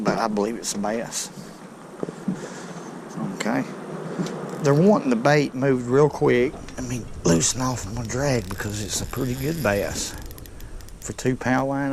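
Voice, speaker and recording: A man narrating his fishing trip from a boat on a river, excitable and talking straight to his viewers. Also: medium pitch, creaky, a little hiss or hum. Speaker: fishing vlogger. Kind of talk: casual narration while fishing.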